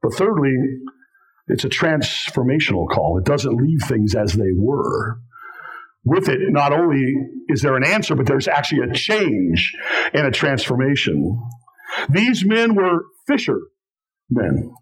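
A man, a pastor, preaching a sermon in church, repeating phrases for weight and dropping low and slow on key words. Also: very animated, slightly rough, rough recording.

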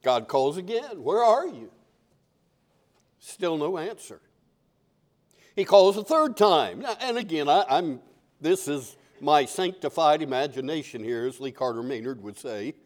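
A man's voice: on the high side, expressive, unhurried. An older man preaching a sermon as pastor, conversational and repeating key phrases.

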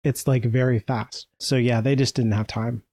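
A man co-hosting a casual book-discussion podcast, chatty and quick to laugh. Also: medium pitch, fairly even intonation, darkish tone, no room sound, studio quality. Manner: chatty, laughs often, does silly voices. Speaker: podcast co-host. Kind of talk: casual book-club chat.

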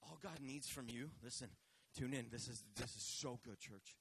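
A man preaching a live sermon, passionate, swinging between loud shouting and soft asides to the congregation. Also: mid-range voice, normal speed, breathy edge. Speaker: pastor.

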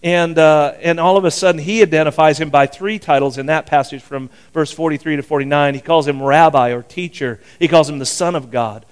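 A man's voice: on the high side, steady tone, a little fast, few pauses, smooth. An older man preaching a sermon as pastor, folksy and rambling, chuckling often as he talks.

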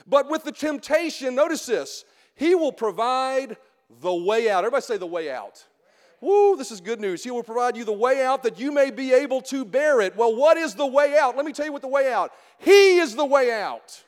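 A middle-aged man preaching a Sunday sermon with a strikingly high voice. He calls for responses from the congregation and swings between quiet asides and shouted emphasis. His voice rings out with a long reverb through the church hall. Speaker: pastor. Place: church sanctuary.

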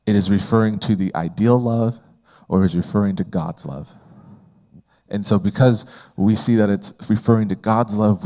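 Mellow, low-voiced male Bible teacher. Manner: conversational, asks the group questions, frequent fillers. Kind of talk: Bible study lesson.

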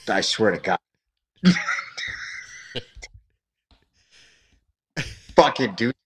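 A man who coaches wrestling appears as a guest in a casual chat, telling rambling stories full of swearing and laughter. His voice sits on the low side with a fairly bright tone, at a normal speed.

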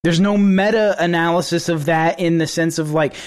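Podcast co-host, male, casual and rambling, restarts a lot, mid-high voice. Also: fairly even intonation, moderate pace, smooth. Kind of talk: casual political podcast chat.

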